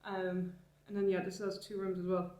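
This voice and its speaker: A woman's voice: fairly low pitch, little pitch movement, moderate pace, a little mellow. A young woman, a travel vlogger chatting casually to camera in a rented apartment, rambling and wry.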